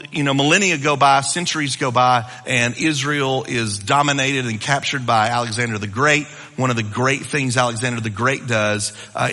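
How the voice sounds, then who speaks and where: A man preaching a sermon, teaching in an animated, conversational way with asides to his listeners. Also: medium pitch. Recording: long reverb of a hall.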